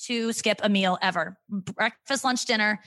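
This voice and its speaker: A woman's voice: mid-range voice, a little slow, sharp tone, dry recording. A woman in her thirties, a comedian guest on a podcast, talking candidly in a frank, profane and self-mocking way.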